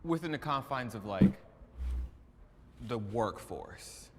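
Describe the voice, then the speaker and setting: A man's voice: mid-range voice, lively intonation, takes it slowly, long reverb tail, very noisy. A man in a panel discussion who speaks mockingly and imitates other people's voices. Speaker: panel participant.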